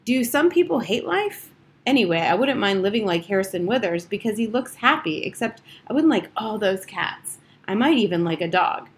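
A woman's voice: mid-range voice, very animated, normal speed, lightly acted. Frank curious young girl, read by a female narrator, matter-of-fact, plain voice, audiobook.

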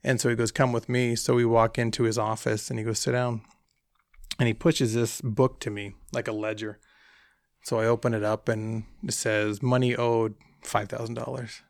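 A man casually telling an animated travel anecdote, acting out the dialogue as he goes. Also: mid-range voice, moderate pace, dry recording, clean studio sound. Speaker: hunting trip guest telling a story. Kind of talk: casual storytelling.

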